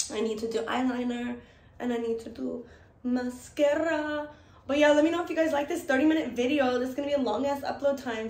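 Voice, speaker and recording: A beauty vlogger chats casually through her makeup routine indoors in a get-ready-with-me video, swearing a lot, giggling often and rambling. Her high-pitched voice has a darkish tone, and the recording is roomy with faint ambience.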